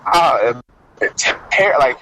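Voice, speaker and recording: A man who is a coach, talking as a podcast guest in casual chat, telling stories in an animated way and saying "like" often. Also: mid-range voice, drawn-out words, slight background noise, low-quality recording. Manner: animated storytelling, frequent "like".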